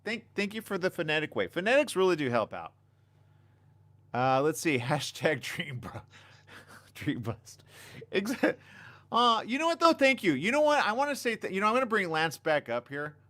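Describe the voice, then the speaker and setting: A man hosting a casual live stream on a desk mic, reading viewer comments and chatting excitably. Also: high-pitched, a little fast. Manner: animated, excitable, reads viewer comments aloud. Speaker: livestream host. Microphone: desk condenser mic.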